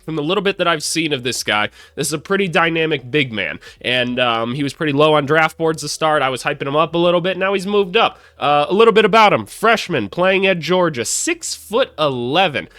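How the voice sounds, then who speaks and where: Young man, bright tense tone, dry close mic, upbeat casual sports breakdown, self-deprecating. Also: on the high side, expressive, brisk, hardly any pauses, no room sound. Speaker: basketball analyst and former college coach.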